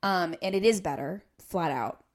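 A woman's voice: fairly low pitch, normal speed. A woman hosting a podcast, talking in an earnest, explanatory way and building careful arguments. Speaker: podcast host. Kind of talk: casual podcast discussion.

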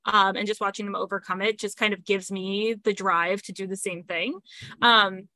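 A woman's voice: mid-range voice, steady tone, moderate pace, pushed and bright, no room sound. A woman, a guest on a podcast, talking at length with many fillers. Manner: talkative, fillers, laughs between points. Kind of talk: casual chat.

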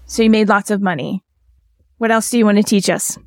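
A woman podcast host at a middle pitch who affirms her guest and moves on with direct questions. Her voice is recorded close and dry. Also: fairly even intonation, a little fast, dry recording. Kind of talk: interview hosting.

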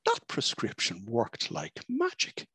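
A man voicing a henpecked husband in a joke he tells, in a raised, animated storytelling voice. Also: medium pitch, takes it slowly, slightly rough, dry recording, full character voice. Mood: aggrieved, amazed. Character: henpecked middle-aged husband, bewildered then delighted.

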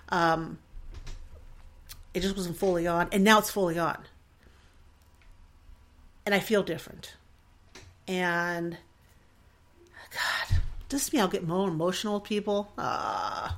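A woman's voice: mid-range voice, a bit bright. A woman in her forties hosting a solo podcast, talking in a rambling, emotional and self-deprecating way with frequent laughs. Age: 40s. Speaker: podcast host. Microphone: desk mic in front of a screen.

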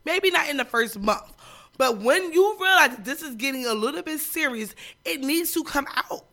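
A woman's voice: sits high, expressive, normal speed, sharp tone. A woman co-hosting a podcast, blunt and emphatic in casual chat, swearing freely. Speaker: podcast co-host.

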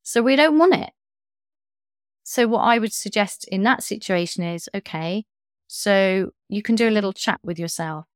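A woman coach speaking as a podcast guest in a gentle, soothing, reassuring way. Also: medium pitch, moderate pace, dry recording, clean studio sound. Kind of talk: interview talk.

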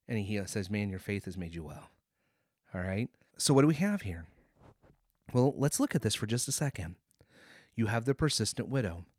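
A man's voice: mid-range voice, dry recording, clean studio sound. A man hosting a podcast, teaching a Bible passage and acting out the quoted lines as he goes. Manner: animated, acts out quoted lines, checks in with "okay?".

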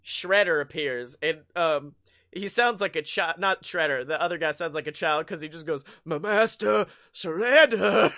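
A podcast host with a fairly high, sharp-toned voice recaps a movie at a moderate pace. His casual chat rambles, swears freely, and breaks into frequent laughter.

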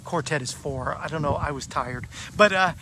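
An enthusiastic host with a slightly raised voice, tossing out quick amens and chatty asides. He runs a live Christian talk show, and noise hums clearly behind him. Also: on the high side, bright, forceful tone. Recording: noisy live broadcast.

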